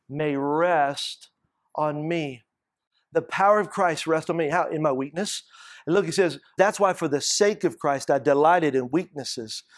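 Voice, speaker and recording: A pastor preaches and tells stories from his own life, doubling back on phrases to drive them home. His voice sits a bit high for a man and sounds close and dry, with no room around it. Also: dry recording. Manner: storytelling, repeats phrases for emphasis. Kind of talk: sermon.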